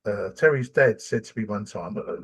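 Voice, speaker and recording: An older man from England, chatting casually as a podcast host and telling animated stories. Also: lowish voice, moderate pace, breathy edge. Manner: animated storyteller, acts out quoted voices. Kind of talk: casual chat.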